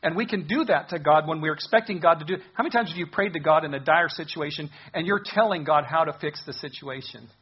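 A man's voice: on the high side, fast, hardly any pauses, slightly rough, dull audio. A man preaching a sermon, earnestly explaining scripture verse by verse. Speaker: pastor.

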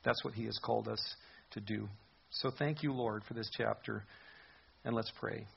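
A man's voice: fairly low pitch, steady tone, normal speed, vocal fry, husky, dull audio. A man preaching a sermon as a pastor, earnest and conversational in his delivery.

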